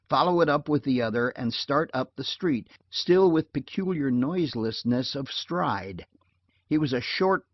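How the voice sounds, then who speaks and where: A man narrating a detective novel audiobook in a measured, wry storytelling manner. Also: mid-range voice, no echo. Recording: dull lo-fi dry recording.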